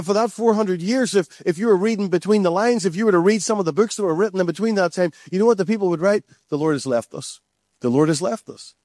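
A man preaches to his congregation in an earnest, repetitive style, often calling them "church." His voice sits high for a man, and the sound is dry and close with no room echo. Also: a little mellow. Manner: earnest, repeats phrases, addresses the church directly. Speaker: pastor. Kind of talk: sermon.

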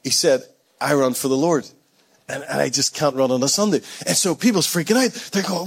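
A man preaching a sermon to his church, telling stories conversationally and building to excited, rising peaks while calling out to the congregation. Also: a little high, normal speed, husky. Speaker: pastor.

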